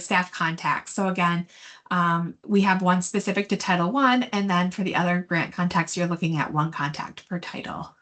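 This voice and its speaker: A woman presenting program updates in an online meeting, hesitant, with frequent fillers as she works through slides. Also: medium pitch. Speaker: state education program presenter. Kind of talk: webinar presentation.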